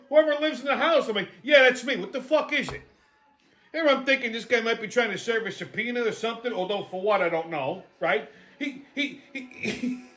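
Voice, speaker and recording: A man hosting a weekly show, telling blunt, profane comic stories and rants, tagging lines with "okay?" and rapid asides. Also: very high-pitched, fairly bright tone. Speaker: host. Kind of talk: profane comedic weekly rant.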